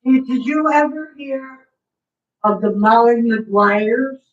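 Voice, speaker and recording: A woman's voice: a little high, slow pace. Reassuring woman interviewer, far-off and echoey. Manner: brief, reassuring replies. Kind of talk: casual conversation. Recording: echoey room, far from the mic, dull sound.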